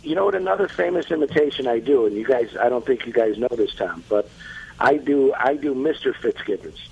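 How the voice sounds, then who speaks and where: A man's voice: mid-range voice, lively intonation, brisk, vocal fry, a little mellow, husky, dull audio. A man, an actor guest, chatting casually on a podcast and telling stories with many restarts. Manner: storytelling, chatty, restarts often.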